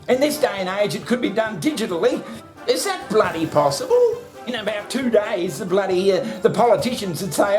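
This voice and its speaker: A man's voice: sits high, lively intonation, brisk, over music. An Australian man in a casual ranting monologue who swears constantly, fires off rhetorical questions and talks to himself by name. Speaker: vlogger.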